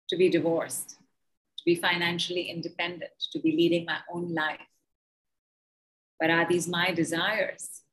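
A woman, a healer guiding a breathing exercise and then giving a talk in a slow, deliberate, soothing way. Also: on the low side, a bit bright, low-quality recording. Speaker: healer and guest speaker. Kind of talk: guided healing session and talk.

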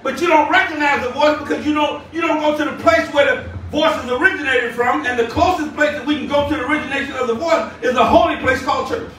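Bishop preaching, very high bright voice, booming hall echo, mic far off. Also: male voice, fast, few pauses, slight background noise. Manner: shouting, call-and-response preaching. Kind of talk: sermon. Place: church sanctuary. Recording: echoey church room, distant mic.

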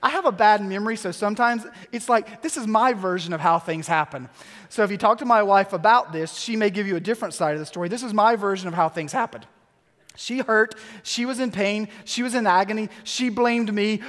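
A man in his thirties preaching a sermon in a church, telling a story with quick, lively asides. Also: very high voice. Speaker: pastor. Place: church sanctuary. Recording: long church hall reverb.

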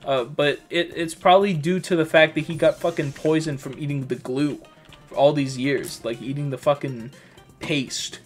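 A man's voice: fairly high pitch, steady tone, normal speed, soft background music. A man co-hosting a crude comedy gaming show, rambling through profane tall tales. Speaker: co-host.

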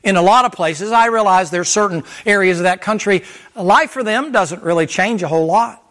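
A middle-aged man preaching a sermon as pastor, swinging between loud, high emphasis and low, quiet passages. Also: brisk. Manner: impassioned preaching, rising and falling in pitch and volume.

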